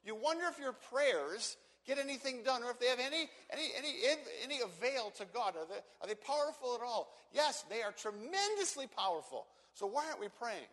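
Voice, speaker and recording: A man preaching an expository sermon, emphatic, repeating words and slowing down to stress key phrases. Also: extremely high pitch, big pitch swings, a bit bright, long reverb tail. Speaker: pastor.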